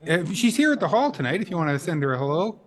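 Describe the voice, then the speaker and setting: A man's voice: fairly high pitch, sing-song, rapid-fire. A man hosting a live podcast, friendly and steering the casual chat with questions. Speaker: podcast host.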